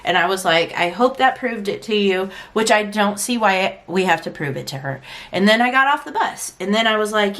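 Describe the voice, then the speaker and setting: Young mom vlogging a storytime, frank and chatty, lots of "like", acts out what people said, mid-pitched voice. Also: female voice, expressive, normal speed, a bit bright. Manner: chatty, frank, acts out quoted lines with frequent "like". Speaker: vlogger and parent. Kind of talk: casual storytime vlog.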